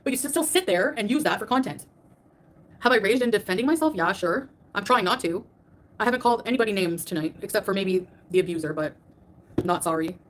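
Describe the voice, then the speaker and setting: A woman's voice: mid-range voice, lively intonation, brisk, a little hiss or hum. A woman streamer ranting defensively on a livestream, emphatic and repetitive as she answers her critics. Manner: defensive and emphatic, repeats herself. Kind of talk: livestream rant.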